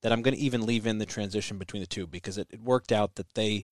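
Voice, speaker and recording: Guy hosting a podcast, lowish voice, dry close mic, calm intro read. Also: fast talker, no room sound. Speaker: podcast host. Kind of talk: scripted episode introduction.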